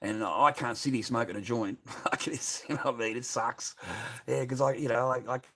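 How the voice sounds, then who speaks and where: A man's voice: medium pitch, normal speed, sharp tone. A man with an Australian accent hosting a casual livestream, talking to his viewers in a rambling way full of swearing and fillers. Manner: rambling, heavy swearing, constant filler words. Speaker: livestream host. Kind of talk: casual livestream chat, reading viewer comments.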